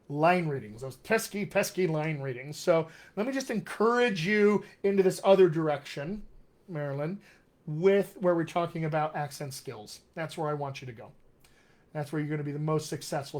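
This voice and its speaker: This is a man with a fairly high, slightly mellow voice, running a casual question-and-answer livestream as a dialect coach. He stays upbeat and encouraging while taking viewers' questions one by one.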